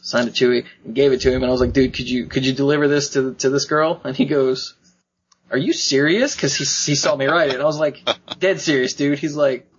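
A man's voice: mid-range voice, fast talker, few pauses, slightly rough, lo-fi sound. A man telling a funny personal story in casual podcast chat, acting out the other people's lines and laughing often. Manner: animated, acts out quoted voices, laughs often. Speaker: podcast co-host.

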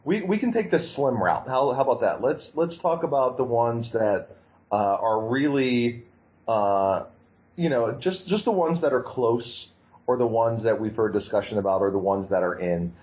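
A man co-hosting a podcast in casual chat, lively and given to quick mock voices. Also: mid-range voice. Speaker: podcast co-host. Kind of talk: casual chat about card games. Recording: slightly dull lo-fi audio.

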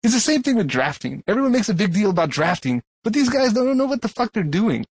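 Ranting man with a slightly high voice. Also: sing-song, quick pace, slight background noise. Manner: ranting, sarcastic, profane. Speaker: podcast co-host. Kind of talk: casual chat.

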